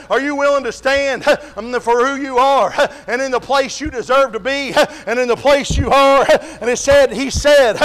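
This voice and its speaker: Very high-voiced man preaching with gasps. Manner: chanted preaching with a sharp gasp after each phrase; frequent "uh" fillers and refrains of "glory to God". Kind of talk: sermon.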